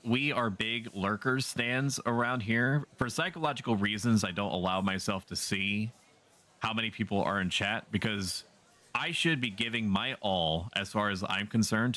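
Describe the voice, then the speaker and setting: A man's voice: on the low side, pushed and bright. A man livestreaming a game, chatting casually with his viewers in a sardonic, joking way and swearing freely. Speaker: streamer.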